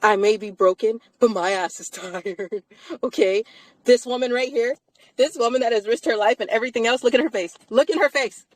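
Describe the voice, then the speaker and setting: A tired woman talks straight into her stream mic, her voice sitting a bit high. She is blunt and repetitive, swearing as she drives her point home. The sound is dry and close. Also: fairly quick, dry recording, poor audio. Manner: emphatic, repetitive, profane. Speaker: live-stream co-host. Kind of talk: casual live-stream chat.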